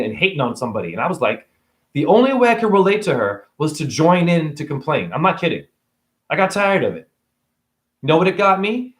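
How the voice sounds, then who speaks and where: A man's voice: on the high side, reverberant. A man ranting to camera about spirituality, sarcastic and profane. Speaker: vlogger.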